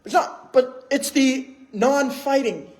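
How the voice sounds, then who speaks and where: A man's voice: very high voice, slow pace. A man preaching a sermon in church, conversational, with many rhetorical questions. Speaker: pastor.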